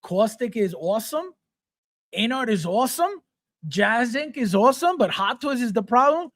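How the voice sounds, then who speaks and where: A man's voice: very high voice, sing-song, moderate pace, fairly bright tone, dry recording, studio quality. A middle-aged man hosting a live chat show, ranting bluntly, mocking fans in put-on voices, and swearing freely. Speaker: host.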